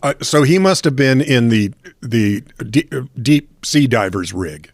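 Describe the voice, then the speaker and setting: A man co-hosting a podcast, chiming in with quick jokes and dry wisecracks. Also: medium pitch, animated, no echo. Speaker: podcast co-host. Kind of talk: casual comedic news chat.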